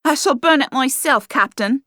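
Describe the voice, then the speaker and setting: Female narrator as eager young street girl, rough speech, lively high voice. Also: normal speed, no room sound, studio quality.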